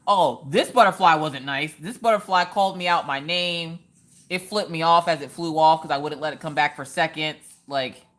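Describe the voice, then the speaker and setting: A woman's voice: sits low, a bit bright. A woman hosting a casual craft live stream, joking around and answering viewers in the chat by name.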